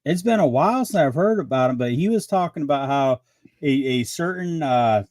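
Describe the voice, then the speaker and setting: A man's voice: a little high, lively intonation, moderate pace, a little mellow, dry recording. A man co-hosting a casual podcast, mostly giving short agreeing replies. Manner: brief agreeing replies and laughs. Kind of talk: casual chat.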